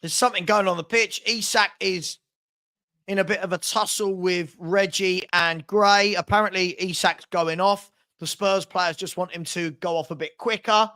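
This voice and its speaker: A man's voice: high voice, fairly even intonation, normal speed, sharp tone. A young man hosting a live football watchalong, ranting heatedly and hurling insults.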